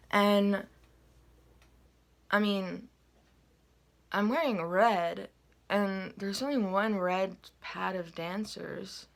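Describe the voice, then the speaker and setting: A woman recounts her dream in an easygoing, rambling monologue, often trailing into fillers and little asides. Her voice sits at an ordinary middle pitch for a woman. It sounds like an unedited phone recording. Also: sharp tone. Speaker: vlogger telling a dream. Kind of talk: casual rambling storytelling.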